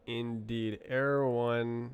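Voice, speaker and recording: A man thinking aloud as he works through code on a live stream, muttering to himself in halting fragments. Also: medium pitch, level tone, a little hiss or hum. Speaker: programmer streaming live coding. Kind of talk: thinking aloud while coding.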